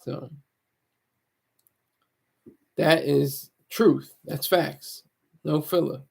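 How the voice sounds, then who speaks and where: A man with a raised, gravelly voice talks loosely to his viewers. He rambles and jokes at his own expense, with plenty of false starts as he circles his point. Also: on the high side, fairly even intonation, drawn-out words, a little mellow. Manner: rambling, self-mocking, many restarts. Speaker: YouTuber. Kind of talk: casual rambling monologue.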